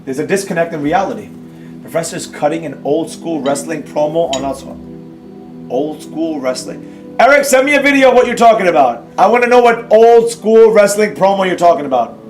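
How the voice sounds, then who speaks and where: A man's voice: on the high side, expressive, a little fast, faint music behind. A man hosting a live trading stream, scolding his audience with emphatic repeats and rhetorical questions while reading and answering chat. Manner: reads and answers viewer chat. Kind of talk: ranting live-stream lecture.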